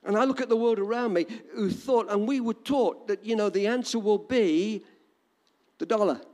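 A man's voice: sits high, moderate pace, darkish tone, long reverb tail. An older man with an English accent preaching a sermon in an emphatic, repetitive cadence. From England.

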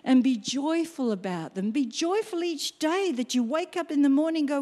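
A middle-aged woman delivers a sermon in an animated, expressive way. She acts out her own exclamations as she speaks. Her voice sits a little high for a woman. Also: moderate pace, hardly any pauses. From Australia. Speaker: preacher.

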